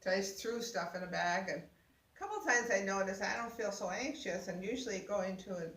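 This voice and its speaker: An older woman telling a lively personal story, laughing often and acting out what people said. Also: mid-range voice, brisk. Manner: laughing, exclaiming, acts out voices. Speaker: guest sharing a personal story. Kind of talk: animated storytelling. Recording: roomy sound, mic at a distance.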